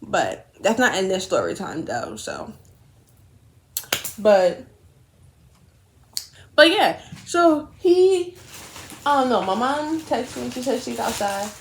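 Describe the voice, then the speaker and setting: A woman's voice: a little high, slow, long pauses, a little hiss or hum. Young woman rambling through a storytime. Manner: rambling, animated, frequent swearing and self-corrections. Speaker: vlogger telling a story. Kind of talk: casual storytime while doing makeup.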